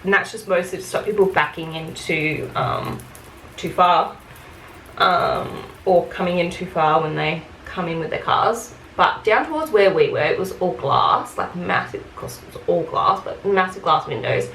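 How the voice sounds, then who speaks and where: Woman vlogger, chatty makeup-chair storyteller, vocal fry, roomy echo. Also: fairly low pitch, animated, moderate pace, a bit bright. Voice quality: chatty, full of "like" and "um" fillers. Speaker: beauty vlogger. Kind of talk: casual storytelling rant while doing makeup. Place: room at home, doing makeup. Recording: echoey room, faint background hiss.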